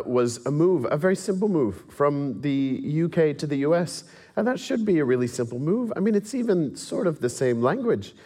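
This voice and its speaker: A man's voice: mid-range voice, a little mellow. A man with a mixed English and American accent, giving a talk with slides, self-deprecating and wry, laughing now and then as he tells stories. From England. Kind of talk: presentation to an audience with slides.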